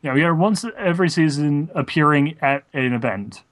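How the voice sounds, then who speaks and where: A man's voice: on the high side, fairly quick, fairly bright tone. A man co-hosting a casual podcast, talking at length and explaining his views. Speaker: podcast co-host. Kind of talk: casual chat.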